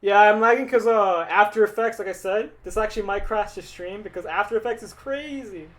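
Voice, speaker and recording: Speaking fairly quickly in a high-pitched, somewhat bright voice, a young man streams live as an animator. He handles viewer questions casually, rambling and joking along the way, though the audio is poor.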